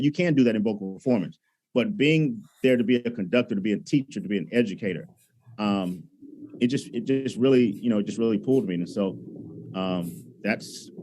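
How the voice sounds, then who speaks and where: A man from Alabama, a choral conductor telling stories in a lively, conversational way. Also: fairly low pitch. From Alabama, USA. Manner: animated storyteller, acts out his own past thoughts. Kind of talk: conversational storytelling.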